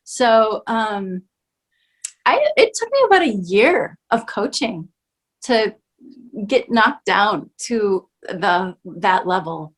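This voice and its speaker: A woman actor speaks slowly and thoughtfully as an interview guest on a video call. Her answer is measured, and fillers come up as she searches for the right words. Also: medium pitch, sing-song.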